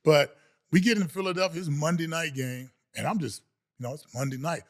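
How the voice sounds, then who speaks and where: Brief: middle-aged male guest, a former football player, raised voice, animated storyteller who laughs through his anecdotes. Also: fairly high pitch, fairly quick. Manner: animated, laughs often, acts out quoted voices. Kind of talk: casual storytelling.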